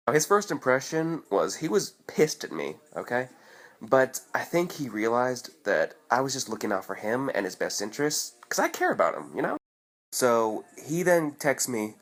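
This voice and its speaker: Animated man telling a wild story. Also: mid-range voice, normal speed. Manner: animated, profane, acts out quoted voices. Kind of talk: casual storytime vlog.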